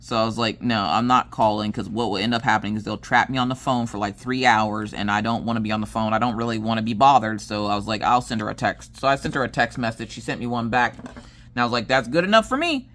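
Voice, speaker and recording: A woman's voice: rumbling low, fast. Chatty woman telling a story. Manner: animated, acts out quoted dialogue. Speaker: crafting vlogger. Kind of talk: casual storytelling while crafting.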